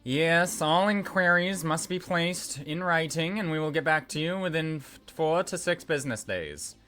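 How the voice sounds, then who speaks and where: A man voicing a fussy, officious little male halfling receptionist in a high, loud voice. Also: lively intonation, moderate pace.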